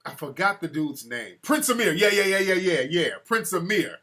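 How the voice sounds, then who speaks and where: Man, bright forceful voice, slightly high, loose mocking talk, call-in host. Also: big pitch swings, moderate pace. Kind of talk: casual live-stream talk show.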